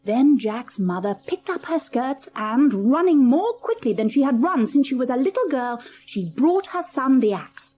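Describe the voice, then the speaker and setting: A woman's voice: sits high, sing-song, normal speed, few pauses, warm tone, slight background noise. A woman narrating a children's storybook audiobook, reading expressively and dramatically.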